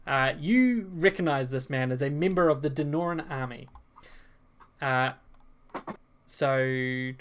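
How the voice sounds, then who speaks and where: A woman's voice: very deep voice, slow pace, long pauses, a little hiss or hum. A woman narrating a tabletop game as game master, rambling with many fillers and self-corrections.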